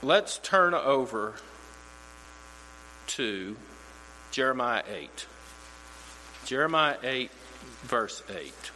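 A man's voice: mid-range voice, big pitch swings, very slow, pauses often, pushed and bright. A man teaching a Bible study in a conversational way, often restarting and repeating words. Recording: reverberant hall with mains hum.

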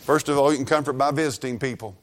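A man's voice: mid-range voice, quick pace. A middle-aged man preaching a sermon, telling rambling, folksy stories full of repeats and restarts.

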